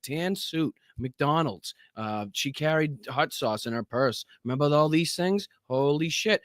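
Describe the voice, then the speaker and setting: A man's voice: a little high, lively intonation, unhurried, hardly any pauses, no room sound, clean studio sound. A man hosting a livestream, reacting to news clips with mocking, profane commentary and frequent laughter. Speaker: livestream host.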